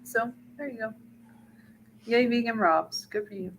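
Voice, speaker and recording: A woman's voice: on the high side, unhurried, a little hiss or hum. A woman chatting in an easygoing way on an online show, sitting far from her microphone. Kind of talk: casual chat. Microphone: mic placed far away.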